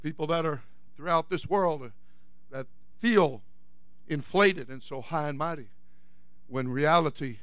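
A male senior pastor with a high, bright voice delivers a sermon, moving from low conversational asides up to shouted, repeated declarations. His voice is close and dry, with no room around it. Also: unhurried, pauses often, clear, resonant tone, no room sound. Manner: preaches in repetition and direct address. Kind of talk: Pentecostal-style sermon.

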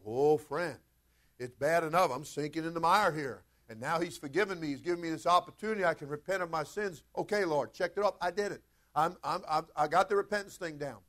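A man's voice: a little high, fairly quick, a bit bright. A male pastor preaching a sermon in a fervent, conversational way, often turning to speak straight to his congregation.

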